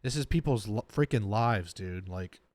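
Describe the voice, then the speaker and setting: A man's voice: fairly low pitch, expressive, moderate pace, a little mellow, no echo. A man hosting a reaction video, talking bluntly and heatedly straight to his viewers in a casual way.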